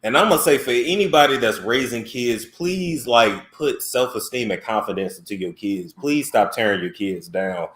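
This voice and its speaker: A man hosting a casual call-in chat, talking in a blunt, frank and animated way. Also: medium pitch, normal speed, few pauses, reverberant. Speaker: host.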